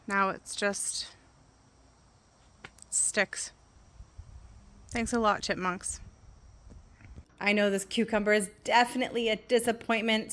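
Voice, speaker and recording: A woman chatting casually and excitedly while showing her backyard garden plants outdoors. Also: fairly high pitch. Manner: chatty and excitable, laughs easily. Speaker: gardening vlogger.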